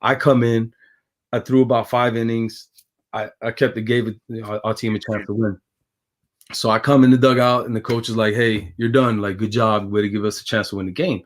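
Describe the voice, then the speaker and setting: A former pitcher from Brooklyn, New York, with a New York accent, tells a story as a guest in a casual chat. He speaks briskly, animated and laughing as he talks.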